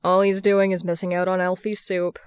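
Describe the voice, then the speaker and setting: A gruff older brother who grumbles and deadpans, speaking a touch louder than the narration, as a woman puts him on. The tone is smooth and clear in a dry, close recording for an audiobook-style story. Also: fairly low pitch, flat delivery, normal speed, dry recording, close to an everyday voice. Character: gruff protective young man, older brother.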